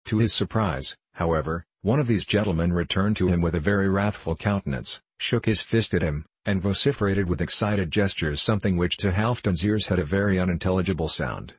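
A man giving scripted narration of a classic novel in a measured, literary storytelling manner. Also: low voice, husky, dry recording. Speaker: audiobook narrator.

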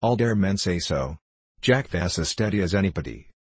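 A man's voice: low-pitched, expressive, moderate pace, slightly rough, no echo. A man reading an earnest workman who speaks broken English. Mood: reassuring. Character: German workman, neighbor, steady.

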